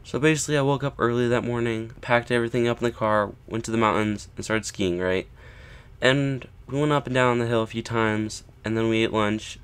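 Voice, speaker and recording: A male vlogger casually tells a story to camera in a clear, resonant, mid-range voice with a bit of brightness. He keeps checking in with "right?" and "okay?", acting out people's lines with rising emphasis.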